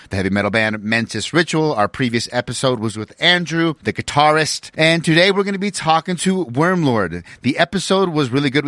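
Irreverent, lively-voiced male podcast host. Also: medium pitch, dry recording, clean studio sound. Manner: irreverent, profane, mock-preachy rambling. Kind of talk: casual podcast intro monologue.

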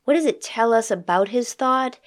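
A woman's voice: fairly high pitch, lively intonation, moderate pace. A woman co-hosting a podcast, discussing a poem in a thoughtful, questioning way. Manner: thoughtful, asks probing questions about the poem. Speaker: podcast co-host. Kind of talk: conversational literary discussion.

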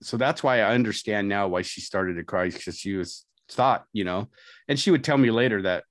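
A middle-aged man with a lowish voice tells his own story in an interview, candid and self-mocking, and he slips into the voices of the people he met. The sound is dry and close, with no room behind him. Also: moderate pace, no echo. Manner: candid, self-mocking, laughs often, quotes others. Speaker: guest telling his life story. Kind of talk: casual spoken storytelling.

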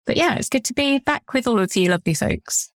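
A woman's voice: a little high, lively intonation, a little fast, no echo, clean studio sound. A woman with an English accent, co-hosting a casual podcast in a friendly, reflective, chatty way. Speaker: podcast co-host.

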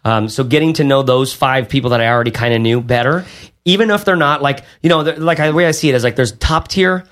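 Rambling through casual podcast talk and the outro, this co-host leans on lots of fillers and restarts. He has a mid-range voice with a fairly bright tone and speaks at a quick pace.

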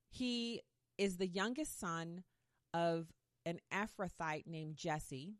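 A woman's voice: fairly low pitch, very slow, dry recording, studio quality. A woman casually retelling a Bible story in a playful way, with modern slang asides.

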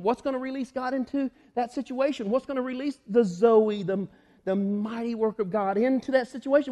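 A man's voice: very high voice, normal speed, warm tone, big-room sound. A man preaching a sermon, acting out the story's voices and laughing along the way.

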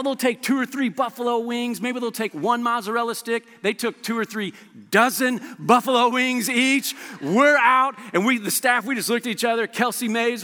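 A pastor in his thirties preaching a sermon, telling stories energetically with quick quoted asides. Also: very high-pitched, pushed and bright. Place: church auditorium. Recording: echoey hall.

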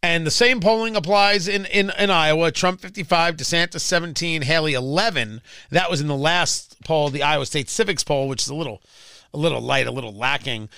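Radio host guy ranting emphatic and sarcastic, bright tense tone, dry close sound. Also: on the high side, a little fast, vocal fry, smooth, no room sound. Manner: emphatic and sarcastic, mocking voices in asides. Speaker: radio talk show host. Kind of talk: political talk radio commentary.

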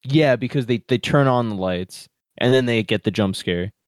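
A man casually chatting about a horror film as a podcast co-host, excitable, laughing often and swearing freely. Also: mid-range voice, moderate pace, dry recording, studio quality. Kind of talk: casual horror movie review chat. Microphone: computer microphone.

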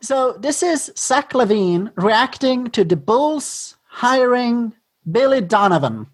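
A woman hosting a casual podcast chat, playful and quick to laugh. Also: on the high side, expressive. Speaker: podcast host.

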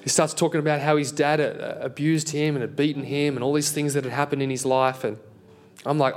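A young adult man preaching a sermon and telling a personal story in an animated way, laughing at himself as he goes. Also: on the high side, fairly quick.

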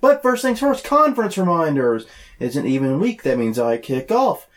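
A man's voice: a little high, very animated. Congested nasal man co-hosting a podcast. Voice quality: slightly nasal. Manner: chatty and joking, reads listings briskly. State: congested from a cold. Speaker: podcast co-host. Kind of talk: casual podcast chat. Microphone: desk mic, no lavalier.

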